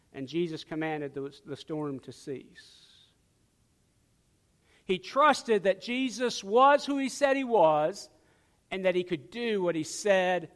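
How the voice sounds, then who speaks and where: A male pastor preaching a sermon, swinging from loud emphatic lines to hushed ones. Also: high voice, long reverb tail.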